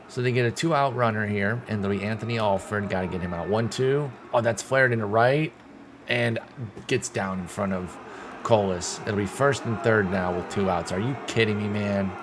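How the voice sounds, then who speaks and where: A man giving casual play-by-play commentary while playing a baseball game, excitable and swearing when things go wrong. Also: lowish voice, background noise. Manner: excitable, swears when frustrated, talks to himself. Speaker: gaming channel host.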